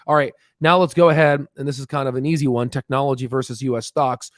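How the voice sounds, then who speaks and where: Brief: man, mid-pitch, dry close sound, rapid chart-walkthrough teacher, lots of "uh"s. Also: fairly even intonation, no echo. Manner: many fillers and restarts, talks fast on purpose. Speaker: stock market educator. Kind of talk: chart walkthrough, casual explainer.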